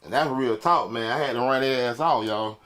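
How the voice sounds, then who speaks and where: A man delivering a loud, profane, mocking comedic rant on a desk mic with a soundboard. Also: medium pitch, fairly quick, slight background noise. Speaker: comedic commentator.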